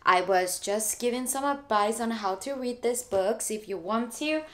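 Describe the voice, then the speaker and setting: A woman's voice: on the high side, moderate pace, a bit bright. A woman in her twenties talking to camera in a casual vlog, chatty and emotional, gushing with thanks. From moved to the US as a teen. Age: 20s. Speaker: vlogger.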